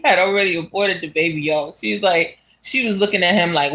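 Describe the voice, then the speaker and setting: A vlogger casually retelling a movie plot while walking outdoors, talking in an animated, slangy way and laughing as they go. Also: mid-range voice, fairly quick, hardly any pauses. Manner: animated, slangy, laughs as it talks, asks "you understand?". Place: outdoors on city streets.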